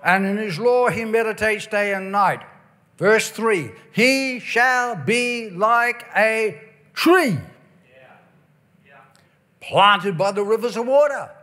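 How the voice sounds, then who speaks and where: An Irish preacher with a high voice gives a revival sermon, drawing out key words and stressing them emphatically. He breaks into bursts of shouting and falls into a sing-song cadence when reading verses aloud.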